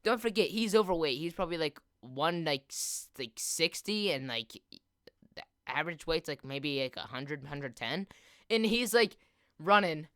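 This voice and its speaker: A teenage boy hosting a gaming video rambles through a long, casual story while he plays, packing nearly every phrase with "like." His male voice sits on the high side and sounds animated, pushed and bright, clear and resonant, at a moderate pace. The recording is dry, with clean studio sound.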